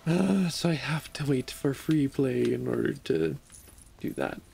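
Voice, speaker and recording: A man's voice: mid-range voice, very animated, a little slow, vocal fry, darkish tone, slight background noise. A man streaming a video game, grumbling in frustration and calling himself an idiot as he plays. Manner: frustrated, self-deprecating grumbling. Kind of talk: casual gameplay commentary.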